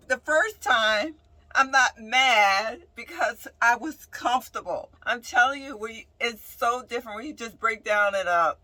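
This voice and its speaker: A woman, a nurse who lives in her bus, telling a casual storytime about a breakdown with animated, emphatic delivery and frequent "right?" asides. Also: a little high, low-quality recording. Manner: dramatic swings between loud outbursts and quiet mutters. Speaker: nurse and bus-dwelling vlogger.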